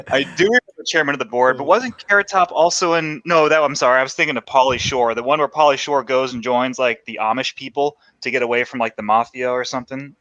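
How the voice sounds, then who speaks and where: A man's voice: medium pitch, no room sound. A man in a casual group chat, riffing jokily on old movies and laughing often. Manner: animated, jokey, quick to laugh. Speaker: podcast guest.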